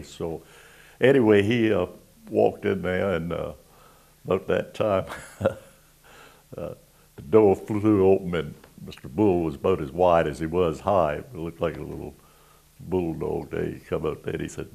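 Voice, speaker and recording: A man's voice: deep voice, unhurried, vocal fry, darkish tone. A man around ninety from South Carolina with a Southern accent, telling old navy stories in a folksy, rambling way. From Georgetown, South Carolina. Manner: folksy, rambling, chuckling between tales. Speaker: WWII navy veteran interviewee. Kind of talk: oral history storytelling.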